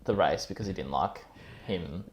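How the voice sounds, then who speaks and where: Male co-host, fairly low voice, chatty and teasing, quick to laugh. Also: a crowd in the background. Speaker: podcast co-host. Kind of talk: casual chat.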